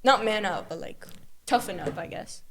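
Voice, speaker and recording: A woman's voice: mid-range voice, moderate pace, crowd noise. A young woman co-hosting a podcast in casual chat, rambling and peppering her talk with "like". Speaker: podcast co-host.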